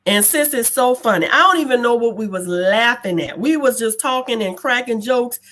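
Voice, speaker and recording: Woman guest, lively colloquial storyteller, acts out dialogue, pitch a bit high. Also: normal speed. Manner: laughs while telling. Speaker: guest sharing a testimony. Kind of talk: casual storytelling chat.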